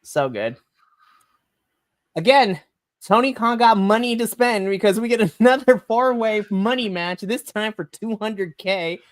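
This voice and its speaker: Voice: medium pitch, lively intonation, a little slow. An enthusiastic podcast co-host recapping wrestling in a rambling, giggly casual chat on a home stream mic. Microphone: home mic on a live stream.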